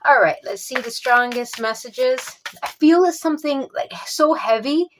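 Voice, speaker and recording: Woman, tarot reader, higher pitch, casual, halting, filler-heavy, reassuring. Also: fairly bright tone, slight background noise. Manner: searching for words, halting, many fillers; reassuring, repeats soothing phrases. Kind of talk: casual tarot reading monologue.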